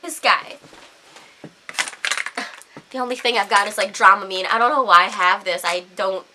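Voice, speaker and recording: A woman's voice: mid-range voice, moderate pace, noisy background. A young woman vlogger ranting to camera, heated, swearing a lot and saying "like" constantly.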